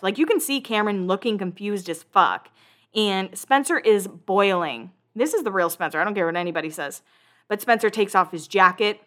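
A woman's voice: mid-range voice, expressive, normal speed, a bit bright. A woman hosting a podcast, chatting casually and acting out quotes as she recaps a reality show. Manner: chatty, swearing, acts out quotes. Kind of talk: casual chat.

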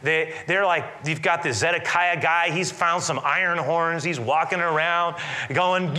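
A man preaching a sermon, retelling scripture in an animated, dramatic storytelling manner. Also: on the high side, moderate pace.

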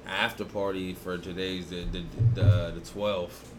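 A man's voice: low voice, little pitch movement, a little slow, noisy background. A young man co-hosting a podcast in casual, profane chat. He tells stories in slang and says he is a little buzzed. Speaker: podcast co-host.

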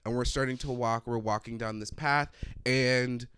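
A young podcast co-host tells a story in casual slang, acting out the quotes. His mid-range voice is clear, resonant and a bit bright, with fairly even intonation at normal speed, recorded dry in a clean studio.

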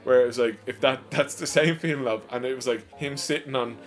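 A man's voice: mid-range voice, a little fast, soft background music. A man bantering on a podcast, cracking jokes and laughing through his own stories. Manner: laughing, joking interjections. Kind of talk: casual banter.

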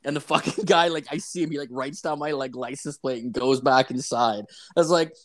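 A man's voice: medium pitch, brisk. Profane rambling man telling stories. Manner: profane, rambling, heavy use of "like" fillers. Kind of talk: casual storytelling chat.

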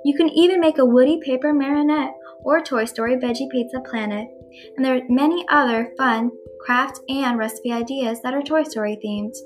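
A woman hosting an arts segment, reading a children's storybook aloud in a gentle, clear way. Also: high-pitched, normal speed, faint music behind. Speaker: host.

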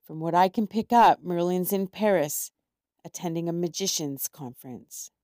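A woman's voice: lowish voice, moderate pace, mellow, no echo, studio quality, close to an everyday voice. A woman voicing a knowing female pigeon who passes on what she hears. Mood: informative. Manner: attentive, informative.

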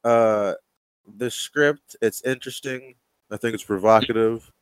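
A man's voice: medium pitch, steady tone, a little slow, clean tone, dry recording, poor audio. A man in casual chat who swears freely and tells stories, acting out what people say. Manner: profane, storytelling, acts out quotes.

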